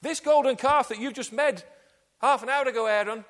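A man's voice: very high voice, normal speed, fairly bright tone, long reverb tail. A man preaching a sermon with dramatic emphasis and rhetorical questions.

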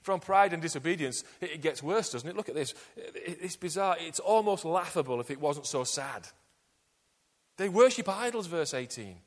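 A man preaches with a high voice that swings widely in pitch. He leans on rhetorical questions and dramatic emphasis. His words ring out with a long reverb, as if from a large church hall. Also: animated, normal speed. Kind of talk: sermon.

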